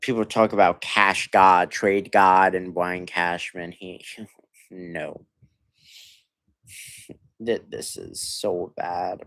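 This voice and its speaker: A hoarse young man ranting as a sports livestream host, stammering and sighing, swinging between muttered complaints and loud outbursts. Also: low-pitched, flat delivery, very slow, long pauses. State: hoarse from yelling. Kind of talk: frustrated fan rant on a livestream.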